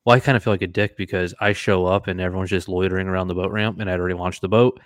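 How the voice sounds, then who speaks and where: A man co-hosting a casual podcast, telling a fishing story with lively acted-out quotes. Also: sits low, rapid-fire, no echo, studio quality. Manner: animated storyteller, acts out quotes. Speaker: podcast co-host.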